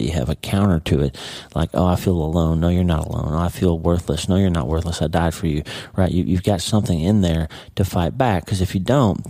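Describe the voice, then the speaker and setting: A man hosts a podcast and teaches a casual devotional Bible lesson in a low, dark voice with no room sound. He's conversational, repeating words and checking in with the listener using "okay?" and "right?"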